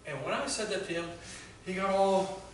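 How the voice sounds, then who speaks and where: A male pastor giving a conversational sermon, telling stories with halting restarts. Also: sits high, slight background noise. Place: church sanctuary. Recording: very echoey church hall from far off.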